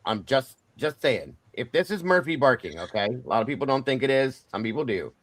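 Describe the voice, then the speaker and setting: A man's voice: mid-range voice, animated, fairly quick, no room sound. A man hosting a casual true-crime livestream, talking bluntly with frequent swearing and repeatedly stressing that it is only his opinion. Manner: blunt and profane, keeps saying it is just his opinion. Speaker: livestream host.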